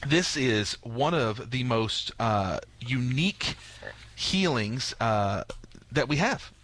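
A priest talking through a gospel reading on a radio show, animated and storytelling, acting out quoted lines. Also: male voice, medium pitch, slow pace. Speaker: priest, guest commentator. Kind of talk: radio talk on scripture.

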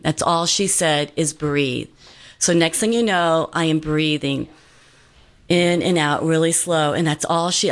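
A woman's voice: on the low side, fairly bright tone. A woman guest giving an earnest personal testimony in casual talk, with many fillers and restarts.

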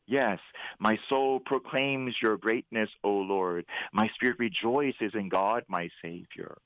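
A priest hosting a Catholic radio show, preaching fervently and leading prayer. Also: male voice, on the low side, takes it slowly, dry recording, highs cut off. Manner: fervent, preacherly, animated when voicing God. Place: radio studio.

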